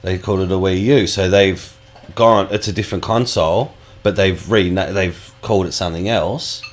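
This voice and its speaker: Man, low-pitched, sweary rambling podcast co-host. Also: steady tone, moderate pace. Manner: sweary, rambling, laid-back. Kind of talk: casual chat.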